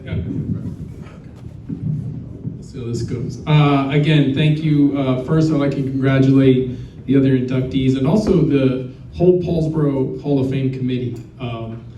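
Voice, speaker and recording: A man's voice: medium pitch, measured pace, warm tone, slight background noise. A man giving a rambling, self-deprecating hall of fame acceptance speech as a coach. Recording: roomy, distant, muffled.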